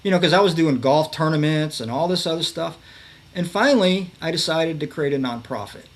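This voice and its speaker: Chatty man with a slightly high voice. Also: fairly quick. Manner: rambling, many fillers and restarts. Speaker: podcast guest, veterans advocate. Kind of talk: casual conversational storytelling.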